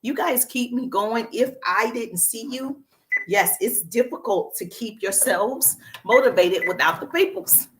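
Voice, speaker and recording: A woman's voice: a little high, lively intonation, measured pace. Upbeat Southern woman hosting a livestream. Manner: upbeat, greets viewers by name. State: has a cough drop in her mouth. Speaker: social media business coach. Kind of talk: casual livestream chat.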